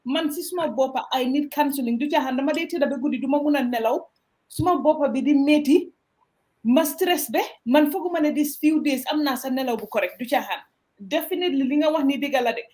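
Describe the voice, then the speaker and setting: A woman's voice: sits high, quick pace, warm tone. A woman guest in a casual discussion, speaking earnestly and intensely, pleading for help. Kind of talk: casual discussion mixing English and Wolof.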